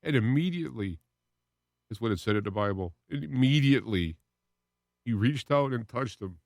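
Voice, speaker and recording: A man's voice: mid-range voice, expressive, normal speed, creaky, no echo. Male solo radio host, heartfelt and rambling, with emotional swells; dry close sound. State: close to tears at moments. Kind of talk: personal faith talk monologue.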